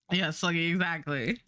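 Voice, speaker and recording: A woman's voice: on the low side, a bit bright, dry recording, studio quality. A young adult woman streaming, chatting casually and rambling while she draws, swearing now and then.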